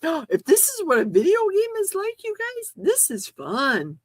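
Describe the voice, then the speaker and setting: A woman hosting a casual livestream, gasping and squealing with excitement as she reads gifts. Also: extremely high pitch, a little slow, no echo, studio quality. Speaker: livestream host.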